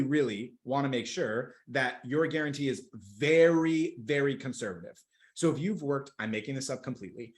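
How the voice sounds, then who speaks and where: A young man coaching sales in a webinar, energetic and emphatic, repeating words for stress. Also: on the high side. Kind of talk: webinar teaching. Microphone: video call.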